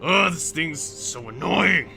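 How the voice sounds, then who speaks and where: A man's voice: on the high side, expressive, slow, vocal fry, sharp tone, soft background music, heavily acted. A man voicing a grumpy, impatient male fighter who grunts and complains. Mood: annoyed. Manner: grunting, exasperated.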